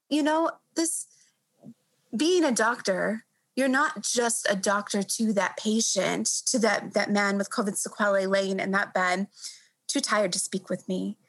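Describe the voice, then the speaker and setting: A woman doctor in her thirties answering an interview question reflectively, earnest and halting, often repeating words as she gathers her thoughts. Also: medium pitch, fairly bright tone, rough recording.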